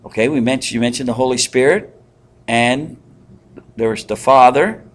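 A man leading a Bible study in a conversational way, pausing with fillers and asking the group questions. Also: medium pitch. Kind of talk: interactive Bible teaching.

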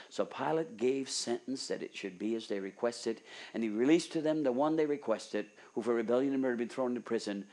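Male preacher, mid-pitched, sermon delivery swinging from whispers to loud fervent appeals. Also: a little fast.

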